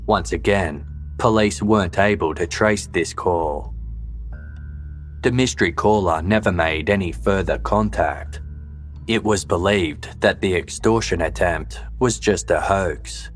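Low-voiced male narrator for a true-crime podcast, measured and sober, faint music underneath. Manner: measured, even, sober delivery.

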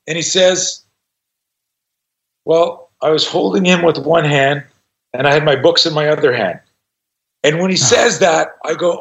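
A middle-aged podcast guest with a slightly high voice shares a casual story at a moderate pace, the audio poor. He curses freely and is lively, performing the voices of the people he quotes.

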